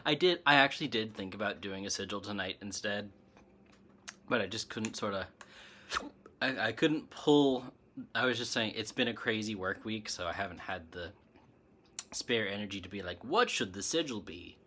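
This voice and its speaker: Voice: low-pitched, normal speed, long pauses, bright, forceful tone, a little hiss or hum. A spiritual livestream host chatting casually through a bout of hiccups, rambling and laughing often.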